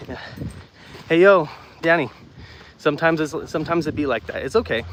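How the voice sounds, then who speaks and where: A man's voice: a little high, normal speed, a bit bright. Winded guy rambling to chat on an outdoor walk, phone mic, a bit of background noise. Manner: loose, repeats himself, chatty with viewers. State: out of breath from walking. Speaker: streamer doing a walking livestream. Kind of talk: casual chat reading live comments. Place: outdoors walking on gravel. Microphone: phone mic, no external mic.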